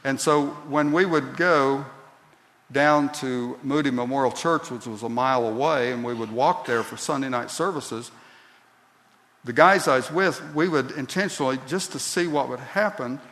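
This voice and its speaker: A man preaching a sermon as pastor, slow and deliberate, building to emphatic peaks. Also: medium pitch, a bit bright. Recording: long reverb of a large hall.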